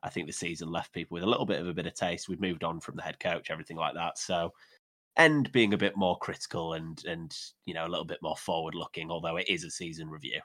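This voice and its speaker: A man's voice: low voice, fairly even intonation, fast talker, a bit bright. A man with an English accent chatting on a sports podcast, self-deprecating and full of restarts. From England. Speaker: podcast co-host, football analyst. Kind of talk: casual sports podcast chat.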